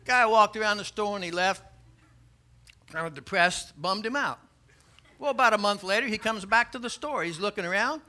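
A man's voice: sits high, normal speed, pushed and bright. A man preaching a sermon emphatically, building his volume and telling jokes.

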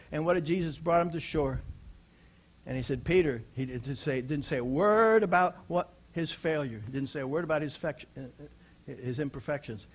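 High-voiced preacher swinging soft to loud. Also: male voice. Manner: expressive preaching, swings from hushed to loud exclamations; rhetorical questions to the congregation. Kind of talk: sermon.

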